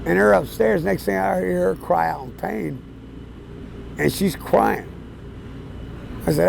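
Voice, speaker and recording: A man of around 60 telling his life story outdoors on a city street, plain-spoken and casual, with fillers and soft chuckles. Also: sits high, animated, a little slow, vocal fry, pauses often, slight background noise, low-quality recording. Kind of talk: candid storytelling.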